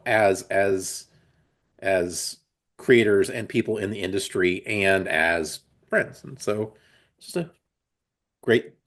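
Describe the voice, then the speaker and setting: A man in his forties, a comics creator, talking casually and rambling through restarts as an interview guest. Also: on the low side. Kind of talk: casual conversation.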